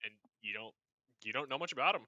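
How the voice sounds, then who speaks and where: A young man narrates a tabletop game as its game master, talking loosely and jokingly with frequent restarts. His voice is very bright and cutting, recorded dry and close. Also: medium pitch, expressive, no echo, highs cut off. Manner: casual, joking, halting restarts.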